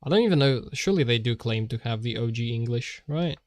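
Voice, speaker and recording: A man's voice: medium pitch, lively intonation, a little fast, no room sound. A man streaming while he draws, rambling in a jokey way and often laughing.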